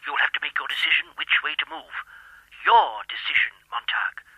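An actor playing an anxious man who gives hushed, urgent warnings in a radio drama. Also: on the high side, a little fast, breathy edge, dull audio, exaggerated voice. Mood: earnest. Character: anxious older man whispering advice.

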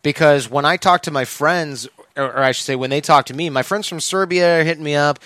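A man's voice: fairly high pitch, brisk, fairly bright tone, no room sound. A man from Michigan telling a story in a casual podcast chat, acting out the voices of the people he quotes.

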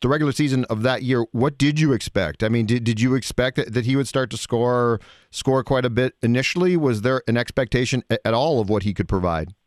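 A man's voice: mid-range voice, fairly quick, dry recording, studio quality. A man interviewing a guest, prompting with short, curious follow-up questions.

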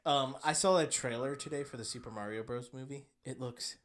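Man, podcast co-host, casual chat, animated, jokey, average pitch. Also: fairly quick, slight background noise. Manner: animated, jokey, does silly voices.

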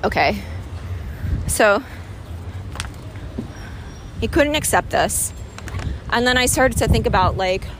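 Woman, candid vlog, emotional, rambling with fillers, outdoors, faint street traffic. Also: mid-range voice. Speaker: vlogger. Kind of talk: candid personal vlog monologue.

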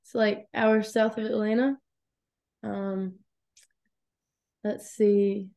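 A woman's voice: medium pitch, flat delivery, slow, vocal fry, warm tone. Laughing young woman from Georgia. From Georgia, USA. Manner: laughing, chatty, easygoing. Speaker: guest athlete. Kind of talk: casual podcast chat.

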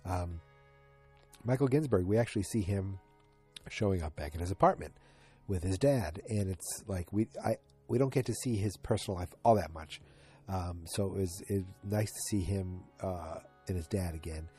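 A low-pitched, mellow male voice at normal speed, with faint music in the background. He's a drowsy, yawning podcast host at home by the TV, rambling chattily through an episode recap and drifting into asides.

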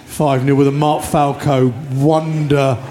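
A man's voice: mid-range voice, flat delivery, slow, mellow, slight background noise. A man hosting a live podcast, reminiscing with enthusiasm about old football matches. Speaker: podcast host. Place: live show venue with audience.

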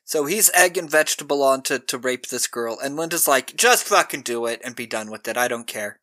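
A man's voice: mid-range voice, animated, brisk, sharp tone, dry recording. A young man co-hosting a podcast, retelling a film's plot in casual chat and acting out the characters' lines. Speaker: podcast co-host. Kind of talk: casual movie recap chat.

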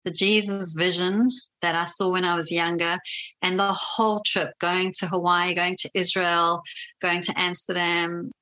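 Woman guest, low and bright tone, chatty storyteller with lots of ums. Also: measured pace, poor audio. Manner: animated, laughs often, many fillers. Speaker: guest telling her faith story. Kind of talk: casual personal storytelling.

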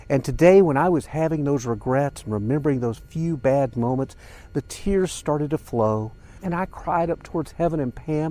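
A man's voice: fairly high pitch, dark tone. An older man hosting a podcast, talking earnestly and emotionally straight to his listeners in a personal, reflective monologue. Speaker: podcast host.

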